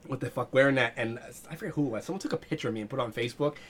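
A man's voice: medium pitch, very fast. A young man hosting a podcast, telling crude stories in casual chat with lots of laughter. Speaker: podcast host.

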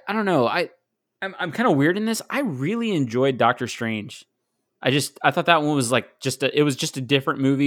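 A man's voice: medium pitch, a bit bright. Chatty male podcast host. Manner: chatty, self-correcting, laughs easily. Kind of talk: casual podcast chat.

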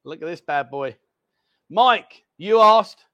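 A man's voice: sits high, expressive, slow pace, sharp tone, dry recording, highs cut off. A man hosting a casual livestream from a bar, chatty and apologetic, bantering with his co-host.

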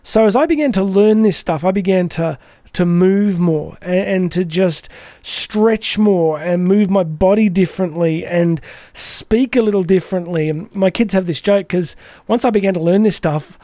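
A man's voice: sits high, moderate pace, dark tone, no echo, studio quality. A man hosting a motivational podcast, talking energetically and chattily and acting out the voices he quotes. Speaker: podcast host.

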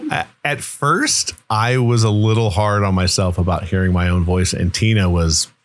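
A man with a deep voice co-hosting a podcast in relaxed, joking chat. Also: unhurried. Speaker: podcast co-host.

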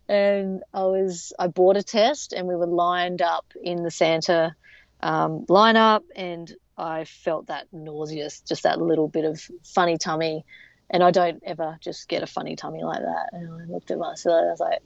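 A woman's voice: lowish voice, normal speed, gravelly, no room sound. A woman, telling her story as an interview guest in a chatty way full of fillers and restarts. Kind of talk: casual storytelling. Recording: dull lo-fi sound.

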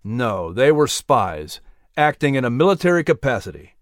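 A man's voice: mid-range voice, very animated, moderate pace, no echo, clean studio sound, lightly acted. A man voicing a stern young male colonel who gives firm, clipped orders in a storybook reading.

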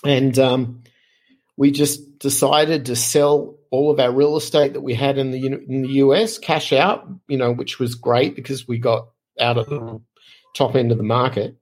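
Middle-aged Aussie male podcast guest, slightly raspy, chatty animated storyteller. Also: mid-range voice, moderate pace. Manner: animated, lively anecdotes with frequent fillers. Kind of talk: casual storytelling.

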